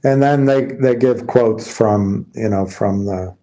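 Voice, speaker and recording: Male commentator, slow and laid-back, reads headlines and riffs on them, restarts sentences freely. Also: on the low side, dark tone, low-quality recording. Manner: musing, reads headlines aloud and explains them; loose, restarting sentences, tired and yawning. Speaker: stock commentator. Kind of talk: casual market commentary.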